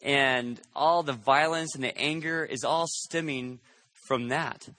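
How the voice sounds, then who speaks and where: Male pastor, bright and forceful tone, dry close sound; chatty sermon delivery with rhetorical check-ins. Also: mid-range voice, fairly even intonation, slow, no room sound. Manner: conversational, checks in with rhetorical questions.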